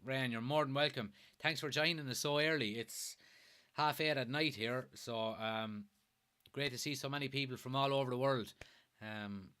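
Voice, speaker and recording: A young man from Kilkenny, Ireland, hosts a fan live stream, chatting loosely through viewer comments. His medium-pitched voice is bright and forward, and he swears casually and laughs easily between points.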